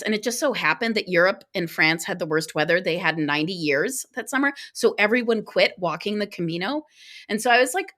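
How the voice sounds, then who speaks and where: A woman guest on a podcast, telling a travel story in casual conversation, talking in quick bursts with restarts. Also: mid-range voice. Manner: animated, acts out quoted dialogue.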